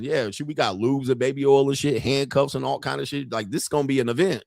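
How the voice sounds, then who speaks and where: A man hosting a commentary channel, telling jokey stories in a loud, profane, animated way. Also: medium pitch, fast talker, vocal fry, few pauses, no room sound, clean studio sound. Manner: profane, joking, animated storytelling. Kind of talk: casual commentary.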